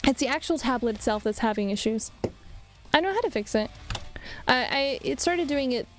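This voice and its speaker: A woman's voice: high-pitched, animated, normal speed, soft background music. A young woman chatting casually with her stream while she draws, rambling and laughing often. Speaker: vtuber art streamer. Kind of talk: casual livestream chat while drawing.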